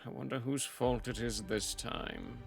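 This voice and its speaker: A man's voice: mid-range voice, creaky, faint music behind. A man voicing a wary, sarcastic male rogue who mutters dryly to himself. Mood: wry. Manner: dry, drawn-out muttering.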